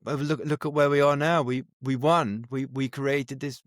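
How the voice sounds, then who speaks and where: A man's voice: medium pitch, fairly even intonation, moderate pace, no room sound, studio quality. A middle-aged man, a DJ guest, telling stories in a reflective way with many restarts. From England. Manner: reflective, restarts phrases often. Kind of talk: casual interview storytelling.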